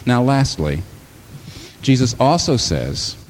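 A man's voice: mid-range voice, very animated, slow pace, slight background noise. A man preaching a sermon, who acts out imagined listeners and speaks as Jesus, building to exclamations.

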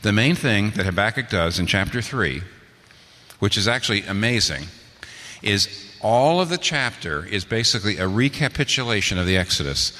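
A man's voice: lowish voice, bright, forceful tone, big-room sound. A man preaching a sermon, asking rhetorical questions and building to emphatic peaks. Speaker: pastor.

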